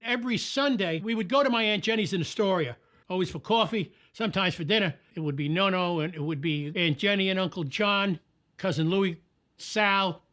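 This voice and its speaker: High-voiced old New storyteller. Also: male voice, brisk. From New York. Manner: animated anecdotal storytelling. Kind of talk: documentary interview.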